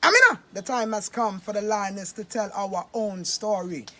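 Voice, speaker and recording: A woman giving a defiant, rhythmic chanted promo shout-out. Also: medium pitch, normal speed, a little hiss or hum.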